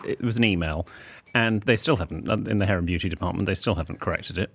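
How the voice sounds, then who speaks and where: A man in his thirties, an etiquette expert co-hosting a casual comic podcast, telling stories in a fussy, animated way. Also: deep voice, fast, creaky. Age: 30s.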